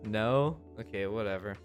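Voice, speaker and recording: A young man chats with his stream audience in an unhurried, drawn-out way, teasing viewers and often dissolving into high squeals of laughter. His pitch swoops a lot from line to line. Faint music plays behind him. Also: darkish tone. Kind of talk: casual chat reading live chat.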